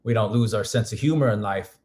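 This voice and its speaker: A hoarse man in casual live-stream chat, rambling with frequent restarts and fillers. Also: fairly low pitch, fairly quick, darkish tone. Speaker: music producer streaming.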